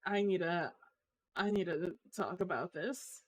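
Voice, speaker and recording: Slow-talking woman complaining dramatically. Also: on the low side, a little mellow. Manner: exasperated, dramatic complaining with drawn-out groans. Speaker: streamer. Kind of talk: casual live-stream chat.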